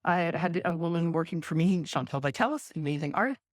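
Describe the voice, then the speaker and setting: A woman's voice: lowish voice, animated, fast talker, dry recording, studio quality. A woman who runs a festival, speaking frankly on a live conference panel. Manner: frank, plain-spoken, with restarts. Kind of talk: casual panel discussion.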